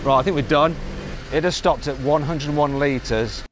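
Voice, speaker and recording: A man's voice: fairly high pitch, moderate pace. A British man giving wry, apologetic running commentary while driving, heard in a played clip. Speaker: driver filming a video. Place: inside a truck on the road. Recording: clip played with road noise.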